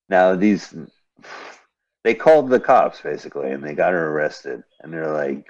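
A man's voice: sits low, animated, normal speed, a little mellow, highs cut off. A man co-hosting a casual comedy show, joking and slipping into silly voices. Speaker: podcast co-host. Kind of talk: casual comedic chat over a video.

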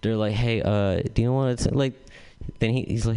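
Rambling young comic with a low voice. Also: male voice, moderate pace, mellow, clean tone. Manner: rambling, profane, full of "like" and "dude". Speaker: stand-up comedian. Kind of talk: stand-up storytelling. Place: comedy club stage.

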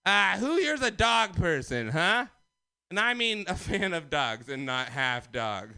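A man doing a loud, manic stand-up set at an open mic, ranting about conspiracies. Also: high voice, sing-song, unhurried, clear, resonant tone, dry recording. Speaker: stand-up comedian.

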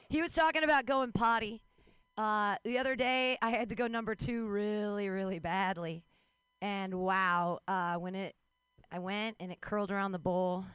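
Brief: playful female emcee, bright and crisp, dry studio sound. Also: medium pitch, no echo. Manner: bubbly, playful. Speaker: open mic emcee. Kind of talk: introducing comedians.

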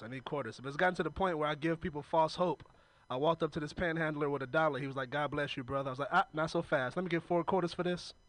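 A man doing a stand-up set with a laid-back, colloquial delivery. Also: on the high side. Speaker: stand-up comedian. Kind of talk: stand-up set at an open mic.

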